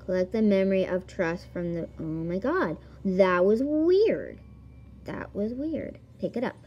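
A woman's voice: medium pitch, expressive, a little slow, mellow, lo-fi sound. A woman giggling and exclaiming as she plays a video game and reads its text aloud. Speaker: gamer. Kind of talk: let's-play commentary.

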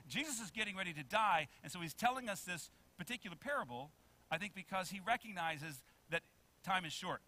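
A man preaching a sermon who often asks the congregation to answer, swinging between loud emphasis and soft low asides. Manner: preaching with many questions to the congregation. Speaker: pastor.

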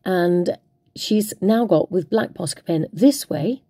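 A playful woman talks through a craft project, half to herself. Her voice is mellow and a little husky. The sound is close and dry. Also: fairly low pitch, slow pace, no room sound. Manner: chatty, playful, talks to herself while working. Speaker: craft tutorial host. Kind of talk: casual crafting demonstration.

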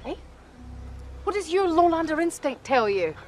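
An actress playing a sharp-tongued female amateur detective with a taunting, probing, theatrical manner. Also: extremely high pitch, very animated, normal speed, a little hiss or hum.

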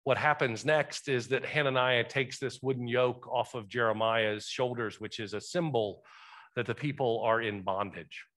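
A man's voice: medium pitch, moderate pace, fairly bright tone. A male pastor preaching a sermon in a church, talking conversationally and asking the congregation questions. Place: church sanctuary.

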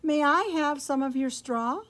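A woman's voice: sits high, fairly even intonation, measured pace, fairly bright tone, pitched above the performer's own voice. Woman putting on a sweet, polite storybook cat. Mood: sweetly asking. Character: gentle, polite female farm cat.

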